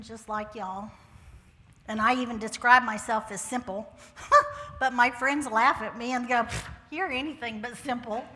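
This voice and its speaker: A woman's voice: on the high side, bright, forceful tone. An older woman sharing her personal testimony with a congregation, folksy and humorous, with homespun turns of phrase. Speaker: church speaker sharing testimony. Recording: church hall with long reverb.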